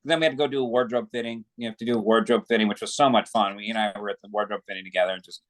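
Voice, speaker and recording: A man's voice: on the low side, fairly even intonation, very fast, fairly bright tone. Chatty man telling anecdotes. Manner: chatty, tells long anecdotes. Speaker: guest actor. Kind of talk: casual interview chat.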